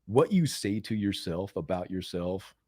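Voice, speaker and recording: A man's voice: deep voice, measured pace, breathy edge, no echo. An American man in his forties, a performance coach, telling stories in an interview with lots of repeated words. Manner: animated, repeats words, acts out quoted voices loudly. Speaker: mental performance coach, guest. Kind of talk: conversational interview storytelling.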